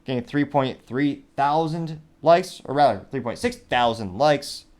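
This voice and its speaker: A man's voice: mid-range voice, expressive, unhurried, darkish tone. A male host giving commentary on news and social media posts, reading comments aloud with dry asides. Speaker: show host.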